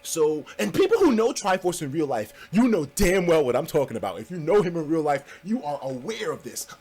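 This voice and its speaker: Heated, animated man telling a story. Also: on the high side, fairly quick, slightly rough. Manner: profane, emphatic, heated. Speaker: vlogger.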